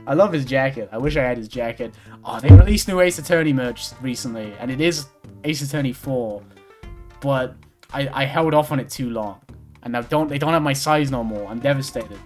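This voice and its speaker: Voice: medium pitch, moderate pace, a little mellow, soft background music. A streamer giving jokey playthrough commentary and reading a game's text aloud. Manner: playful, jokey, mutters to self.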